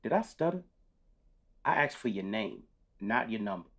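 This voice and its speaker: A man plays a laid-back but blunt guard. He speaks in an easy, casual drawl, his voice slightly low. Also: very animated, normal speed, gravelly, fairly bright tone, husky, exaggerated voice.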